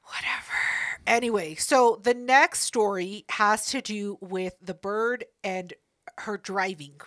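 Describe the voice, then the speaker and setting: Speaking slowly in a medium-pitched, fairly bright voice, this podcast co-host rambles through a casual story with blunt profanity, side tangents, and repeated self-corrections. The studio-quality audio has no echo.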